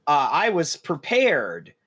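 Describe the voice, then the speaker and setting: A tabletop game player with a lively, swooping voice. They chat casually and laugh along with the table. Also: mid-range voice, takes it slowly.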